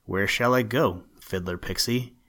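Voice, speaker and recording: A man's voice: fairly low pitch, measured pace, fairly bright tone. A man voicing a troubled little male pixie who has lost his laugh, speaking in a plaintive, pleading way in a storybook reading. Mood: worried.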